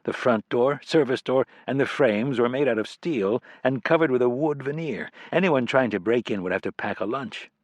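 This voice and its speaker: A man reading a thriller audiobook as scripted narration, in a measured, deliberate manner. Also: mid-range voice, animated, no room sound.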